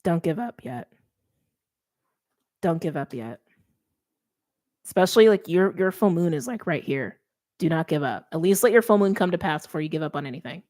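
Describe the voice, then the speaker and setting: A woman's voice: fairly low pitch, animated, moderate pace, long pauses, darkish tone. A young adult woman giving a chatty, emphatic tarot reading, interrupting herself often. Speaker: tarot reader.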